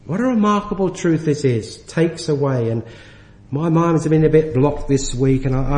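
A man preaching a sermon in earnest, slowing down to stress key words. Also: fairly high pitch, a little mellow, reverberant.

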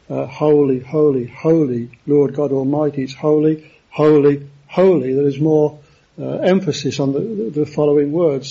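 Halting preacher with a husky voice. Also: male voice, a little high, warm tone, muffled recording. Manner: halting, with many fillers and restarts. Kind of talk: sermon.

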